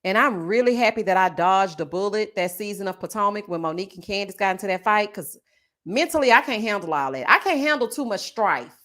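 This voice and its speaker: A woman chatting casually to her viewers, sassy and animated, calling them honey and child and laughing often. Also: medium pitch, a little fast. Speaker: YouTube reality TV commentator. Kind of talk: casual live-stream chat reading comments.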